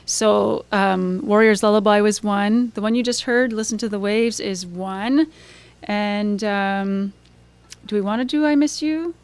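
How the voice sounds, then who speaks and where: A woman's voice: medium pitch, unhurried, smooth. A woman singer-songwriter chatting onstage between songs at a live concert, losing and finding her train of thought. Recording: live concert recording with music underneath. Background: guitar playing.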